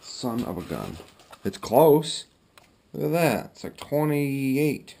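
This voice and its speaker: A man talking casually as he works on his home boiler, thinking aloud with fillers and throat clearing. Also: mid-range voice, big pitch swings, slow pace, warm tone, a little hiss or hum. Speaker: DIY builder vlogging his project. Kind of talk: casual talk-through while working. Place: garage boiler room, indoors. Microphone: action camera.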